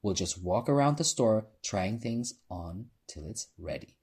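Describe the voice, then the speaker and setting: A man's voice: lowish voice, animated, measured pace, darkish tone, husky, heavily acted. A man voicing a commanding drag queen. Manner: declarative, pushy.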